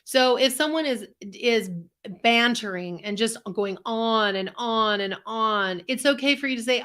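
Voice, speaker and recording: Bright, upbeat woman coaching on a call. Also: fairly high pitch, measured pace, clear, resonant tone. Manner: upbeat, earnest, encouraging. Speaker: co-host, empath coach. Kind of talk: live online self-help talk. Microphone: video call.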